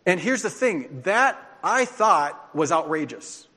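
Man, pastor, sermon, earnest personal testimony, slightly high voice, long echoey reverb. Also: big pitch swings, slow, pushed and bright. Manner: earnest, confessional storytelling.

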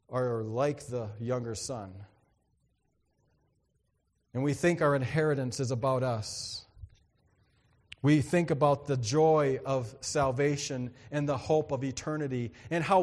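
A male pastor preaching a sermon, swinging between loud exclamations and quiet emphasis and acting out quoted voices. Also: fairly high pitch, in a large hall.

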